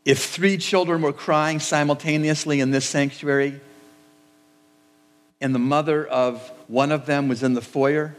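A man preaching a sermon as pastor, in a measured, repetitive cadence in a church sanctuary. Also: mid-range voice, long reverb tail.

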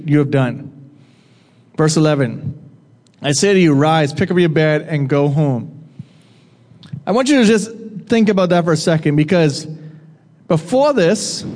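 A man's voice: fairly high pitch, a little mellow, in a large hall. A man preaching a sermon in a loose, conversational way, putting questions to his listeners and teasing them. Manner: conversational, asks the audience questions and jokes with them.

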